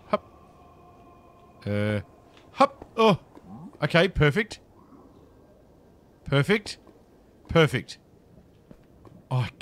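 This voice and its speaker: A man giving casual, flustered commentary while playing a video game, chatting to the creatures on screen. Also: mid-range voice.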